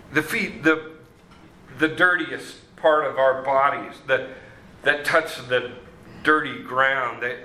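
A man preaching a sermon, slow and halting with many fillers and restarts. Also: fairly high pitch, bright, forceful tone, reverberant, a little hiss or hum, rough recording. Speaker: pastor.

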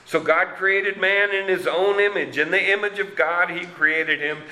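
A man preaching a sermon as pastor, slow and deliberate, reading scripture with dramatic emphasis. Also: sits high, steady tone, pushed and bright. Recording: roomy echo.

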